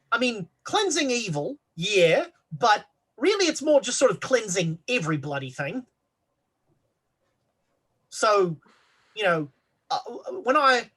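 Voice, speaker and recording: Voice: medium pitch, a bit bright, husky, exaggerated voice. A woman voicing a cheerfully callous male occultist who talks in an airy, darkly flippant way during a tabletop horror game. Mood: breezy.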